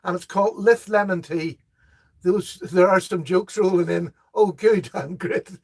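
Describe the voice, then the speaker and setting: A man's voice: sits high, unhurried. A middle-aged man, hosting a casual live knife chat, reading viewer comments aloud and laughing at their jokes.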